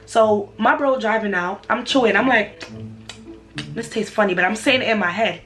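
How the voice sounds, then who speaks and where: A young woman, telling a personal story for her vlog in an animated, slangy way. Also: mid-range voice, moderate pace, faint music behind. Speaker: vlogger.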